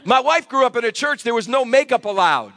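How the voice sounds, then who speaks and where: High-voiced preaching man, forceful. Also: expressive, a little fast, gravelly, no room sound. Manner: emphatic preaching with call-and-response. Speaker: pastor. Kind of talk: sermon. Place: church sanctuary.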